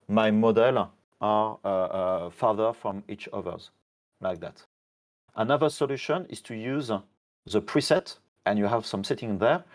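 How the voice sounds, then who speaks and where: A man who is not a native English speaker, demonstrating software on a live stream, halting, with many fillers and self-corrections. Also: on the low side. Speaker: software team member demonstrating features.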